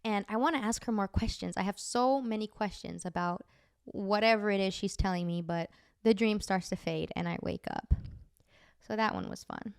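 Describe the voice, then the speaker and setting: A woman's voice: mid-range voice, moderate pace, creaky, clean tone, no echo, studio quality. A woman podcast host chattily telling dream stories, full of "like" fillers. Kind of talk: casual storytelling.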